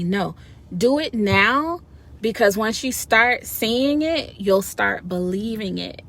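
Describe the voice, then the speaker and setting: Woman, mid-pitched, casual folksy motivational vlogger, lively delivery, phone or webcam mic. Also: takes it slowly, creaky. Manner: animated, folksy, says "y'all". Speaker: wellness vlogger.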